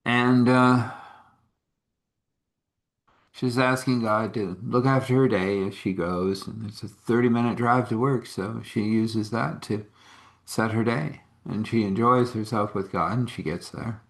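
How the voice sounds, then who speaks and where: A man's voice: fairly low pitch, steady tone, measured pace, gravelly. A man telling a faith-based everyday story in a rambling, homespun way with many fillers. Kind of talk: informal spoken storytelling. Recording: echoey room.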